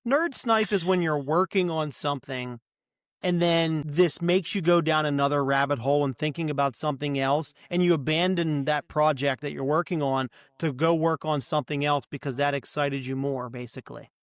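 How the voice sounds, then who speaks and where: Animated middle-aged man, slightly high voice. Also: moderate pace, no room sound, studio quality. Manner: animated, enthusiastic, restarts often. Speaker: podcast co-host. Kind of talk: casual tech chat.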